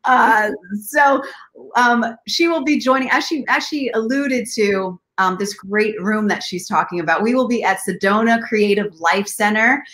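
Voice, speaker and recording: Upbeat woman co-host pitching an event. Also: measured pace, fairly bright tone. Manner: upbeat promotional. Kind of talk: live video chat hosting.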